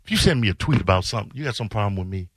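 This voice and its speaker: A man's voice: fairly low pitch, lively intonation, rapid-fire, breathy edge, no echo, clean studio sound. A man hosting a radio show, telling a story with sarcasm and reading out tweets in mocking voices. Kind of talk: casual talk-radio storytelling.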